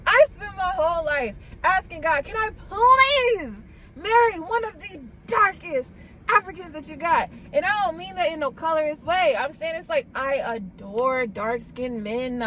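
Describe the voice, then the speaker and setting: A woman's voice: unhurried, slight background noise. A young woman vlogging, telling a date story in casual slang, gushing and quoting herself in squeals, with a cough. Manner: animated, gushing, quotes herself in high squeals. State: coughing, under the weather.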